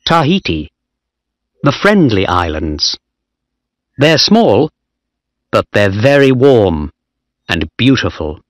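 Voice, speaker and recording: A man voicing a tired, thoughtful young male ship officer who speaks calmly and slowly. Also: on the low side, dry recording, studio quality.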